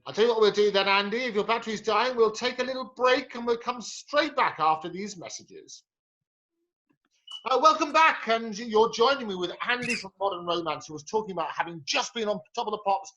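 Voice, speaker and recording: High-voiced male host, lo-fi sound. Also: pushed and bright. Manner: upbeat and encouraging, brisk. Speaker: talk show host. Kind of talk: interview hosting. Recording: dull lo-fi audio.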